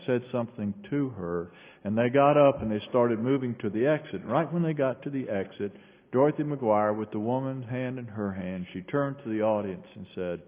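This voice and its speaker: A male pastor preaching a sermon, telling a story and shifting between raised bursts and quiet low passages. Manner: storytelling with sudden raised quoted shouts and quiet drops. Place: large church sanctuary. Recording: echoey hall on a tinny phone-like line.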